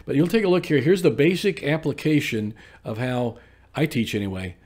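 A man's voice: mid-range voice, expressive, normal speed, darkish tone, recorded from a distance. Man teaching judo in an echoey hall. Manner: informal, repeats himself, frequent okay checks. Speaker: judo instructor. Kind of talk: instructional demonstration and commentary.

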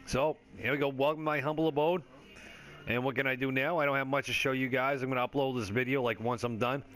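A man's voice: medium pitch, steady tone, fast talker, a bit bright, soft background music. A man giving casual, rambling commentary over his gameplay, joking and swearing freely with lots of fillers. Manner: laid-back stoner chatter with frequent fillers. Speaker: gaming video creator.

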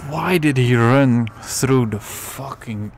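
A man's voice: mid-range voice, slow, creaky, a little hiss or hum. A man commentating his own gameplay, exasperated and swearing constantly while muttering to himself. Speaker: let's play gamer.

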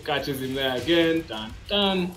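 A man giving casual commentary on a fighting game match, excitable and disbelieving. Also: a little high, a little slow, faint music behind. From Africa. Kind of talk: esports commentary.

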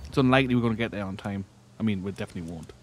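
A man's voice: on the low side, rapid-fire, slight background noise. A man hosting a let's-play, casually thinking aloud as he plays a strategy game, often trailing off and restarting. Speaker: gaming channel host.

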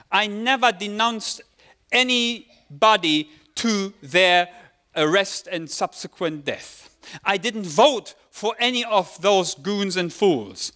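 A pastor in his forties from Germany, speaking British English with a German accent, preaches a personal, conversational sermon peppered with self-deprecating asides. His voice is high and sharp.

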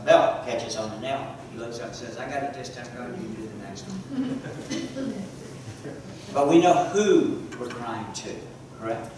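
A man preaching a sermon to a congregation, often pausing to ask the listeners questions and repeating key words. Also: fairly high pitch, a little hiss or hum. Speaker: preacher and teacher. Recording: echoey hall from far off.

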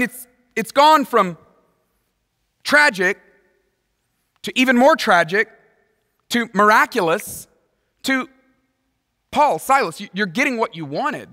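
Preacher guy, high bright voice, animated and playful, acts out the people in the story, long hall echo. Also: takes it slowly, pauses often. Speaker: pastor. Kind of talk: sermon. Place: large church auditorium.

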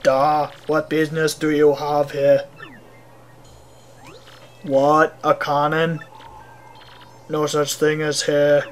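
Woman faking a clumsy Russian accent for gruff bomb men. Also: sits low, monotone. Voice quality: deliberately bad mock Russian accent. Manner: terse, clipped, theatrical, with "da" fillers. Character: gruff male bomb villagers, blunt and grumpy.

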